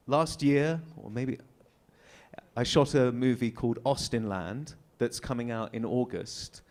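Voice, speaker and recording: An English man talking as a guest on a convention panel, telling casual anecdotes, chatty, laughing often and trailing into fillers. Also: mid-range voice. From England.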